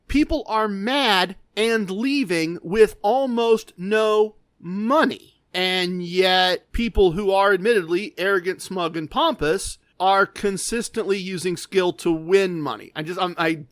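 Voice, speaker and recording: A man hosting a podcast, telling a story in a casual, animated way, often stammering and acting out what others said. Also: high-pitched, no echo, clean studio sound. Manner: animated, quotes others in voices, stammers when excited. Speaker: podcast host.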